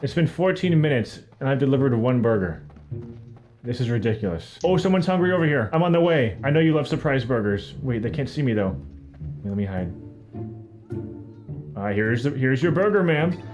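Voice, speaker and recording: Animated, self-mocking male game streamer. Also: mid-range voice. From Canada. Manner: animated, self-mocking, jokey running commentary. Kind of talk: live gameplay commentary.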